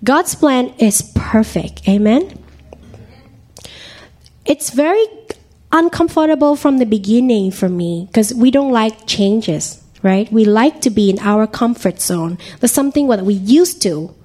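A woman with a slightly hoarse voice giving an earnest church testimony in halting, urging listeners to live their faith all week. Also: fairly high pitch, lively intonation, dark tone.

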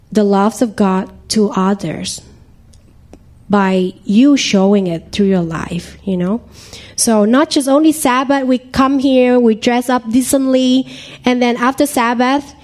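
Hoarse woman giving a slow church testimony. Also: on the high side, darkish tone. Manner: earnest, exhorting, slightly halting phrasing.

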